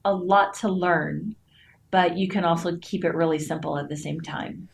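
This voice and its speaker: A woman guest who talks slowly and encouragingly. Her voice is low and gravelly, with a touch of fry. Faint background noise sits under her speech. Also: fairly even intonation. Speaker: podcast guest. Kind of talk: casual interview chat.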